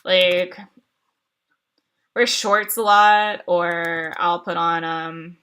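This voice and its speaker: A woman's voice: lowish voice, flat delivery, extremely slow, sharp tone, clean tone. A woman streamer chatting casually with viewers, rambling with lots of fillers and restarts and laughing often. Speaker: streamer answering chat.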